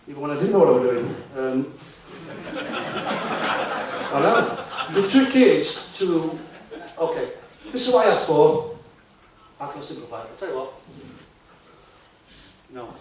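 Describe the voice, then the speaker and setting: Male conference speaker, chatty and full of rhetorical questions, heard from far off in an echoey hall. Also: on the high side. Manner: conversational, asks the audience rhetorical questions. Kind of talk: live talk to an audience. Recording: echoey hall, distant mic, faint noise.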